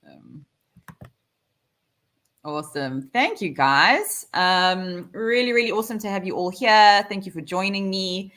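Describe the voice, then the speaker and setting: A woman's voice: medium pitch, unhurried, fairly bright tone. A middle-aged South African woman hosting a live online panel over a video call, chatty, with many fillers. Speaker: host.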